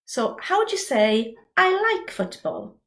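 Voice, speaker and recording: Woman, language teacher, slow clear delivery, echoey room. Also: very high voice. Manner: lively, encouraging, slow and clear for repetition. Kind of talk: beginner language lesson.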